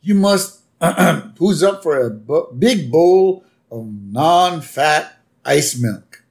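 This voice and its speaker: A man's voice: fairly high pitch, expressive, drawn-out words, gravelly, full character voice. A man voicing a cheery, wholesome middle-aged cartoon neighbor. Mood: chipper. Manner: chipper, wholesome.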